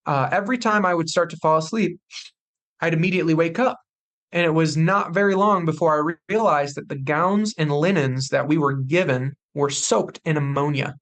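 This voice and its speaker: A young man on a podcast, telling a personal story with intensity and acting out what others said. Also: fairly high pitch. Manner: intense, animated retelling with acted quotes. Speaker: podcast guest.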